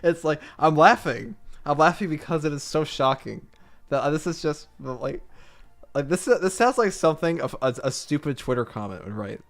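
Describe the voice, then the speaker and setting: A man's voice: a little high, animated, normal speed, vocal fry, soft background music. A young man streaming his reactions, swearing often, laughing in disbelief and stumbling through slangy restarts.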